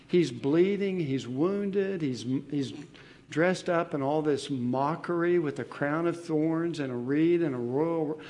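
A man preaching an expository sermon, slow and deliberate, pausing with fillers and restarting his phrases as he explains a Bible passage. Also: a little high, darkish tone.

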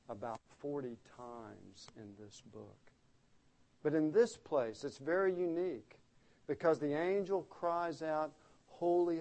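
A man's voice: medium pitch, a little mellow. A man preaching an expository sermon, explaining the text earnestly and stressing key words by repeating them.

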